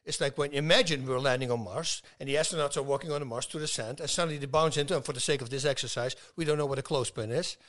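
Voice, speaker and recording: This middle-aged guest in a casual chat talks rapid-fire with few pauses, his mid-range voice fairly bright. He leans hard on emphasis as he tells his stories.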